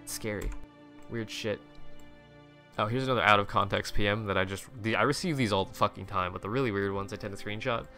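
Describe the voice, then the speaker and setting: A man's voice: lowish voice, steady tone, fast talker, pushed and bright, soft background music. A young man casually commenting on game screenshots, rambling with many restarts and frequent swearing. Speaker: gaming video creator.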